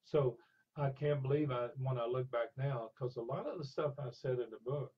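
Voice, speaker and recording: A man's voice: mid-range voice, normal speed, husky. An older man animatedly telling stories in an interview, acting out the people in his anecdotes. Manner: animated storyteller, acts out voices in anecdotes. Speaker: interview guest. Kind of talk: storytelling in a conversational interview. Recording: dull lo-fi sound.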